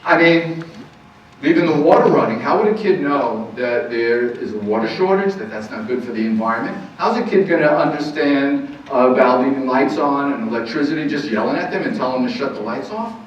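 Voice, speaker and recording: A man's voice: medium pitch, lively intonation, fairly quick. A man gives an earnest parenting talk as a counselor, stressing his points and asking rhetorical questions. He sounds far from the mic in a very reverberant room. The sound is muffled, with faint noise behind him. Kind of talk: lecture to a live audience. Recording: very echoey, distant, muffled room recording.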